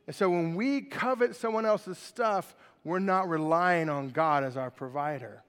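A pastor preaching a sermon and reading scripture, acting out the characters with animated voices. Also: male voice, a little high, unhurried, clear, resonant tone, long reverb tail.

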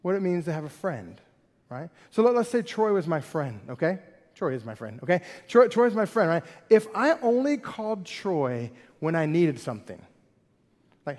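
A man preaching a sermon in a conversational, animated way, asking the congregation many questions. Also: sits high, normal speed. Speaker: pastor. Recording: long hall reverb.

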